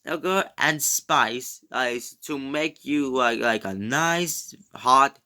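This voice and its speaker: A man's voice: mid-range voice, slow pace, pushed and bright, exaggerated voice. A man voicing a scheming male villain fish in a homemade toy play, gloating over his threats and often stumbling and repeating his words.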